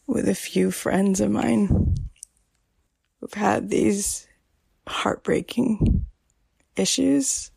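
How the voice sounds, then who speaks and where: Woman podcast host, very gravelly and raspy, slow soft talk that slips into whispers. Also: medium pitch, no echo. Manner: soft, emotional, often drops to a whisper. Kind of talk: personal podcast monologue.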